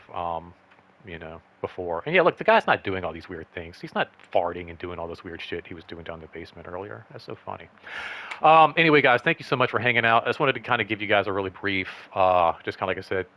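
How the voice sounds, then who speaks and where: A man hosting a casual personal vlog update, rambling and excited, full of "like" and "um". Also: deep voice. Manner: rambling, lots of "like" and "um"; excited, upbeat. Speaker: channel host.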